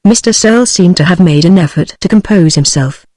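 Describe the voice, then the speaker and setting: A text-to-speech woman's voice with a British English accent, reading a novel aloud at a measured, steady pace. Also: lowish voice, no echo. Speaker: audiobook narrator.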